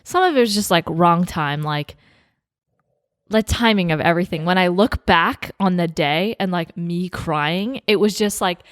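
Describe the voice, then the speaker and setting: A woman's voice: fairly low pitch, a little slow, no echo, clean studio sound. Chatty young woman telling a story. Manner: animated storytelling, many "like" fillers, laughing. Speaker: podcast co-host telling her wedding story. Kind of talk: casual chat.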